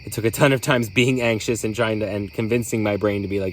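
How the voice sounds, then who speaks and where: A man's voice: on the low side, steady tone, fast talker, slight background noise, poor audio. A man hosting a podcast, talking candidly in a rambling, reflective way with many fillers. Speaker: podcast host. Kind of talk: reflective solo talk.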